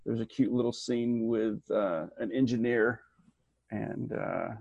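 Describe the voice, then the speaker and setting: A man chatting casually as a podcast co-host, rambling and animated, restarting his sentences and slipping into mock voices. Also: fairly low pitch, measured pace, gravelly, husky, no room sound, lo-fi sound. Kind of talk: casual chat.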